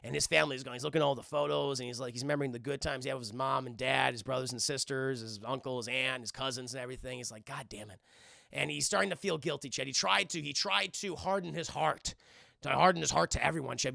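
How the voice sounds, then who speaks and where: A man casually recapping a film scene by scene for his live chat, rambling and profane, acting out the characters in quick voices. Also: medium pitch, vocal fry, pushed and bright, dry recording, clean studio sound. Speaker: film review streamer.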